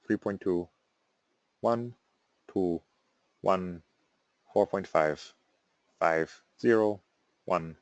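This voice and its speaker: A man voicing a computer robot that flatly reads out numbers, quiet and low. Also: extremely slow, long pauses, dry recording, highs cut off. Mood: monotone. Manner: flat, dutiful number reading. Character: monotone male robot reading numbers.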